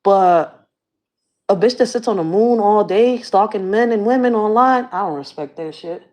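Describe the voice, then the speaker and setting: A woman's voice: mid-range voice, moderate pace, a little mellow, slight background noise. A woman vlogging as a community activist, ranting to the camera in blunt, profane slang. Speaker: community activist and channel host. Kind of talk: casual rant to camera.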